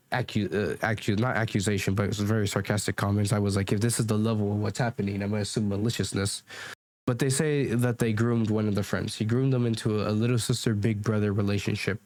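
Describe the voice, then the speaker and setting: A man's voice: lowish voice, a little mellow, no echo. A man giving rambling, argumentative commentary while reacting to comments, with frequent restarts, into a desk mic at home. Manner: rambling, restarts and fillers, defensive. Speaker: commentary YouTuber.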